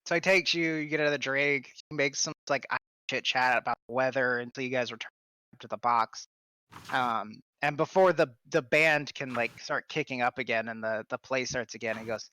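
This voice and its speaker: Bright-voiced male game master. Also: medium pitch, moderate pace, smooth, no echo. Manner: loose, rambling, chuckling. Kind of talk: narrating a tabletop game over a call.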